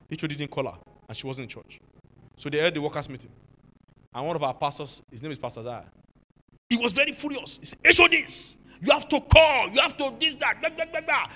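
A pastor preaching a sermon, moving from low, musing talk to shouted rebuke. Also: male voice, long reverb tail.

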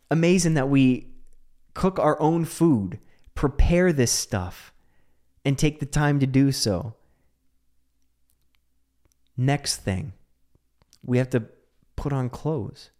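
A young man from Canada hosting a casual monologue, joking and swearing, who jumps from hushed asides to high, incredulous outbursts. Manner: profane, joking.

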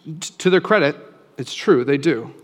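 Casual, animated man preaching in a hall. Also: on the high side, moderate pace. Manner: casual, animated, acts out quoted voices. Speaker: pastor. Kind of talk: sermon.

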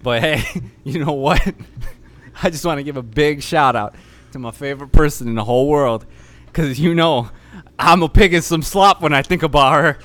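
A man co-hosting a podcast over an online voice call, riffing loosely, swearing and breaking into bursts of yelling. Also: fairly high pitch, moderate pace. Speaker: podcast co-host. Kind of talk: rowdy casual chat on a call.

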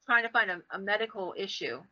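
A woman podcast host telling stories in a casual, animated way, acting out the people she quotes. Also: quick pace. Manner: animated, acts out quoted voices with big pitch jumps. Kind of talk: casual storytelling. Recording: dull lo-fi sound.

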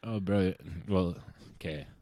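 A man's voice: sits low, slow, mellow, no room sound. A young man from South Africa with a South African accent, co-hosting a casual podcast chat in a crude, joking way and laughing through his own lines. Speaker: podcast co-host.

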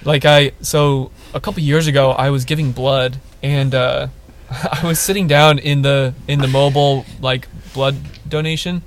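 A young man co-hosting a casual podcast tells a funny story, animatedly acting out the quotes in it. He has a mid-range voice at a normal speed, with slight background noise.

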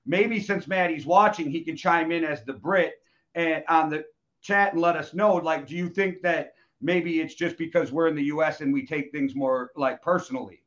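Man, fairly high voice, casual podcast host, joking and cursing, dull lo-fi audio. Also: normal speed, fairly bright tone. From United States. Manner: loose, joking, swears freely. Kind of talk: casual chat. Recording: dull lo-fi sound.

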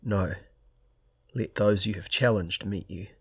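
A man's voice: fairly low pitch, a little slow, a little mellow, husky. A man reading aloud and voicing an enraged, sneering male theocrat in an audiobook. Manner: sneering, bitter. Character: haughty male theocrat, seething with rage.

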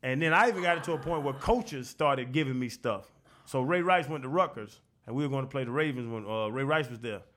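A man guest telling stories in a casual podcast chat, profane and animated, quick to laugh and acting out what others said. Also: medium pitch. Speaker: guest, former football linebacker.

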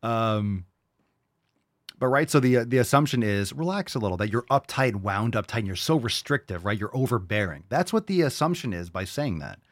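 A man's voice: fairly low pitch, lively intonation, fairly quick, dry recording, clean studio sound. A young adult man hosting a podcast, answering listener questions in a blunt, heated, profane rant and mocking other people in a raised voice. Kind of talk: casual rant.

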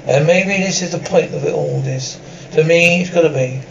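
A man reads out a film's lines and sound cues in one unchanging, plain voice. His voice sits a touch high and is heard from a distance on a dull, muffled recording with faint hiss underneath. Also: moderate pace, gravelly. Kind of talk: reading film captions and sound cues aloud.

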